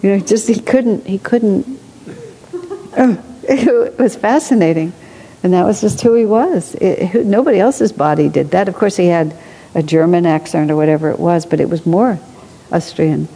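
A woman telling stories in a reflective spiritual discussion, thoughtful, with asides and soft laughs. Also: on the low side, normal speed. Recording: long hall reverb.

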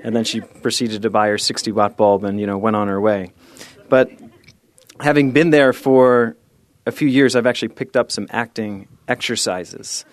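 A man's voice: fairly low pitch, steady tone, moderate pace, no room sound. A man giving a playful, storytelling sermon with self-deprecating humor, leading the group through an exercise and a short meditation. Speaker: speaker at a spiritual service.

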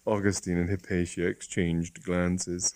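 A man narrating a comic story in a dry, measured reading style. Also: sits low, flat delivery, a little mellow.

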